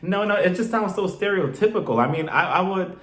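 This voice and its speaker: A man's voice: high voice, lively intonation, fairly quick, a bit bright. A man casually recapping a reality TV episode in an opinionated, exasperated way. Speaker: reality TV reviewer. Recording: roomy echo.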